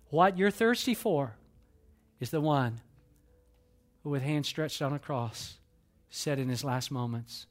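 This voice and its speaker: Pastor guy preaching in a big dark auditorium, kinda high voice, goes loud then real quiet. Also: measured pace. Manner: preaching with dramatic swings from loud to hushed. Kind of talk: sermon.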